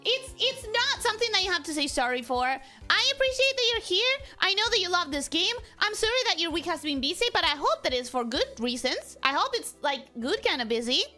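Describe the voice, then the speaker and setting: A woman streamer chatting casually with her viewers, bubbly and quick to laugh, rambling and self-deprecating as she greets everyone. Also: very high voice, very animated, sharp tone, faint music behind. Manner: bubbly, greets viewers in a repeated welcome routine. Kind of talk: casual livestream chat.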